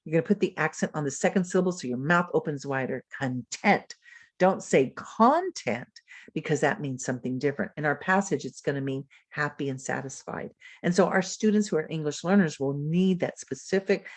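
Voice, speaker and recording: A woman's voice: deep voice, quick pace, few pauses, no room sound. Teacherly woman presenting over a call. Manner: warm teacherly, frequent "right?" check-ins. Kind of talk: webinar lecture. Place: home or office, recorded over video call. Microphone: video call.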